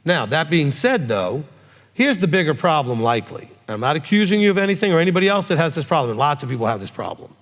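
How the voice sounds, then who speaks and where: A fairly high-voiced man, a rabbi, fields questions from his congregation, talking directly and with a lively, swinging pitch. He keeps checking in with his listeners as he explains. His voice rings out with a long reverb in a large hall. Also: fast. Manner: direct, animated, checks in with frequent "okay?".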